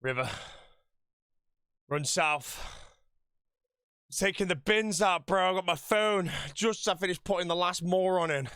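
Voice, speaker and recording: A man's voice: high-pitched, normal speed, a bit bright, clear, resonant tone, no room sound, studio quality. A man streaming a game and chatting casually to viewers, out of breath and flustered, laughing at his own bad luck. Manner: flustered, self-mocking. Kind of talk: casual game commentary to chat.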